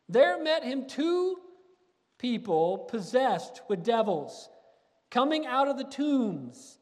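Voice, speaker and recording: This is a pastor preaching in a church sanctuary, his voice pitched very high for a man. He reads scripture and talks it through in an earnest, animated way, often restarting his phrases. The sound carries a long hall reverb. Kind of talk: sermon reading scripture.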